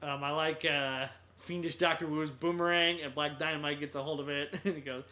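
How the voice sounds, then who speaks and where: A fairly high, bright male voice in easy conversation. He talks about movies with a friend, often laughing, and he drops quoted lines into his talk. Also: fairly even intonation, a little fast. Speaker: podcast co-host. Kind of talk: casual movie discussion.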